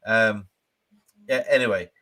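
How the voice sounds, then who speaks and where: A man co-hosting a casual fan podcast, talking with a bright, forceful tone. He is animated and loose, dropping into snatches of song as he goes. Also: fairly low pitch, slow. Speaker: podcast co-host. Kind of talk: casual chat.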